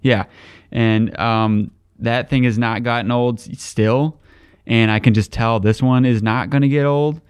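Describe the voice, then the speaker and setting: A man's voice: mid-range voice, fairly even intonation, a little slow, clean tone, no room sound. A man co-hosting a podcast, chatting casually and enthusiastically about albums, swearing now and then. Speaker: podcast co-host.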